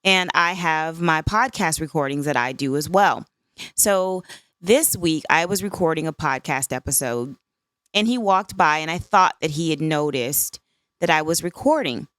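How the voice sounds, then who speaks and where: Woman, 50s, podcast host: low, smooth voice, dry close sound, candid and conversational. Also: expressive, moderate pace, a bit bright, no room sound. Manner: candid, conversational, frequent "right?" asides. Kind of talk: solo podcast reflection.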